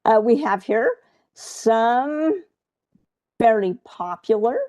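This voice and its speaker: A woman's voice: fairly high pitch, animated, slow pace, dark tone. A woman coaching viewers through a live trading webcast in a chatty way, often checking in with "okay?".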